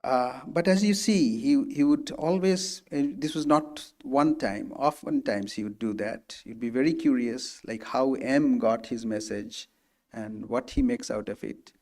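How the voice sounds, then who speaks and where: A man's voice: mid-range voice, measured pace, darkish tone. Man telling stories in a spiritual lecture. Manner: conversational, acts out quoted speakers, frequent restarts. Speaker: guest speaker.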